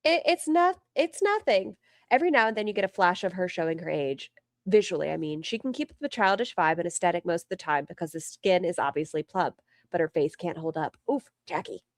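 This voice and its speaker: A woman's voice: fairly low pitch, lively intonation, a little fast, dry recording, studio quality. A woman streamer giving casual, sarcastic commentary while reacting to a video and greeting her chat. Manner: sarcastic, teasing asides to chat.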